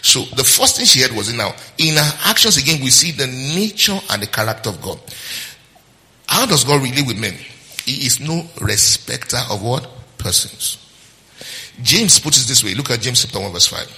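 A man preaching a sermon to his congregation, prompting them to call back answers. His voice is very bright and cutting, with a pitch that rises and falls freely. The sound carries a long hall reverb, as in a large church. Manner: preaching with call-and-response and acted-out quotes. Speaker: pastor.

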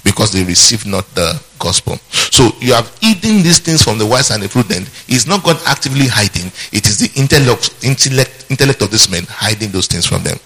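A man preaching a sermon in a husky, forceful voice with a somewhat low pitch. He draws the congregation in with call-and-response questions and throws in humorous asides. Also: very animated, a little fast, hardly any pauses, rough recording. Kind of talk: sermon teaching.

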